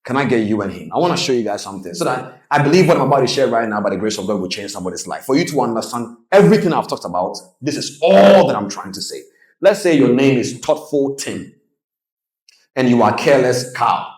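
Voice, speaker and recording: A man coaching traders in a motivational presentation, telling stories with lively delivery and acting out the people in them. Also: medium pitch, quick pace, reverberant, poor audio. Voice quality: animated storytelling, acts out quoted voices. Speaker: trading coach.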